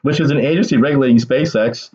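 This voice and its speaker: A man's voice: medium pitch, fast talker, a little mellow, breathy edge, highs cut off. A man giving a ranting solo political commentary, sarcastic and agitated, swearing and laughing bitterly.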